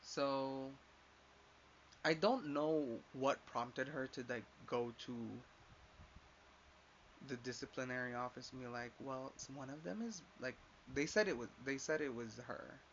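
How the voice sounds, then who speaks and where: A man's voice: medium pitch, unhurried, a bit bright. A young man telling a story in a casual rant, swearing often, emphatic and full of "like". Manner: profane, emphatic, uses "like" a lot. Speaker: vlogger. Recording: slightly dull lo-fi sound with faint hiss.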